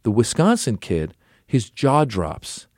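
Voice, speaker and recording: A man's voice: mid-range voice, wildly swooping pitch, takes it slowly, darkish tone, dry recording, clean studio sound. A middle-aged man, a comedian and actor, telling casual anecdotes as an interview guest and acting out other people's lines. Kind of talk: casual conversational storytelling.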